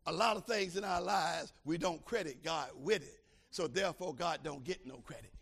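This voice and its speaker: Older male preacher, bright and tense tone, shouts his points then drops low and chatty. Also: moderate pace, gravelly, husky. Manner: preaching with shouted climaxes and quiet asides. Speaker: pastor. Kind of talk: sermon.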